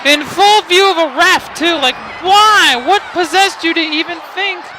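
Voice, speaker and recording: A man's voice: very high voice, steady tone, moderate pace, sharp tone, some chatter behind, a little hiss or hum. A man narrating his gameplay in a rambling, stuttering way, firing off exasperated rhetorical questions into a close mic he keeps bumping. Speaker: let's play host. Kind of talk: gameplay commentary. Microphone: close desk mic he keeps bumping.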